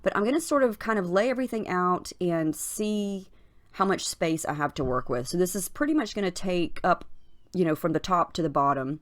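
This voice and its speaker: A woman talks through her craft project in a relaxed voiceover, her voice sitting a bit low and scratchy from the morning. She is chatty and unhurried, dropping in "you know" and "um" as she explains each step. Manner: chatty, unhurried, frequent fillers. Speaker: crafting channel host. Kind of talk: casual voiceover narrating a craft process. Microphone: voiceover recorded separately from the footage.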